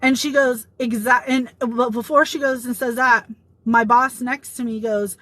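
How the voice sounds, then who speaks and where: A woman telling a personal story in a casual vlog, retelling a workplace confrontation with quoted dialogue in an emotional, animated way. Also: fairly high pitch, a little slow, dry recording, rough recording. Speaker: vlogger.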